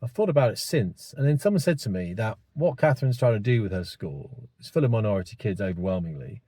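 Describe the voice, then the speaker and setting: A man's voice: on the low side, animated, fast talker, dark tone, breathy edge, dry recording, studio quality. A man in his fifties, host of his own channel, rambling through his opinions in casual talk, often asking the listener if it makes sense. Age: 50s. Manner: rambling, thinking aloud, many tag questions.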